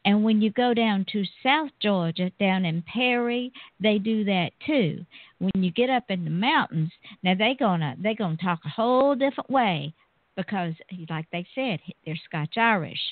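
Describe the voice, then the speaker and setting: Slow-talking woman host. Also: medium pitch, expressive, no room sound. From Southern US. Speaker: interview host. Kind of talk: casual interview chat. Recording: tinny phone line.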